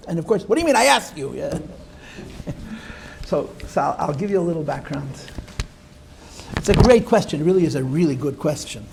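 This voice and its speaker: A man's voice: high-pitched, vocal fry, dark tone, slight background noise. An older man teaching a class, telling stories with digressive, wry asides.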